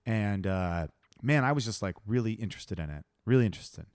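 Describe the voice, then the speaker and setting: A relaxed man with a lowish voice chats on a podcast, easygoing and playful, dropping casual swears. The sound is close and dry, with no room around him. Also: fairly quick, no room sound. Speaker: podcast co-host. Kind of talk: casual chat.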